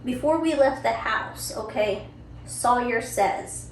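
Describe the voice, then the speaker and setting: A woman podcast host telling a family story in a chatty, animated way, with frequent asides to the listener. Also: fairly high pitch, slow pace, a little hiss or hum. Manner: chatty, animated, lots of "you know" and "right?". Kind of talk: casual storytelling. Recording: roomy, distant mic, faint ambience.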